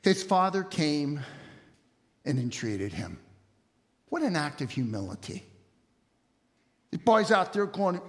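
Animated male preacher in a church hall with a long reverb tail, voice swooping up and down, asking the congregation questions. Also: high-pitched, measured pace, pauses often. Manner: animated storytelling, rhetorical questions. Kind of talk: expository sermon.

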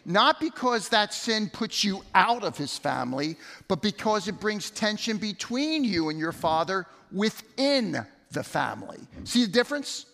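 A middle-aged pastor preaches a sermon in a church sanctuary, his high-pitched voice pushed and bright. He talks conversationally, often repeating words and telling stories, and the recording carries a long hall reverb.

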